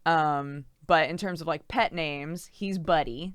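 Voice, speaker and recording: A woman's voice: deep voice, takes it slowly, clear, resonant tone, dry recording. A pregnant young woman streamer chatting casually and reading out viewer messages, giggly and rambling with lots of fillers.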